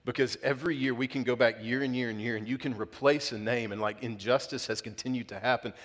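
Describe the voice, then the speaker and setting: A man's voice: medium pitch, steady tone, a bit bright. Male pastor, late 30s, earnest sermon delivery with surges of emphasis, church hall reverb. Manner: earnest, builds up with emphasis, halting restarts. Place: church auditorium.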